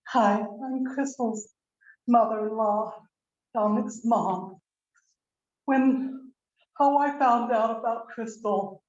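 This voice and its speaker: An older woman giving a eulogy as the mother-in-law, telling a rambling, candid story and acting out the quoted dialogue. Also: on the high side. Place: memorial service room. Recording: roomy, muffled video-call audio.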